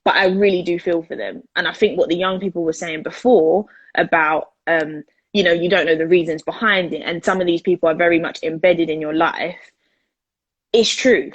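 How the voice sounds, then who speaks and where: A woman's voice: fairly low pitch, normal speed, husky, dry recording, highs cut off. A woman, a peer educator talking earnestly in a casual discussion. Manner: earnest, animated, repeats words for emphasis.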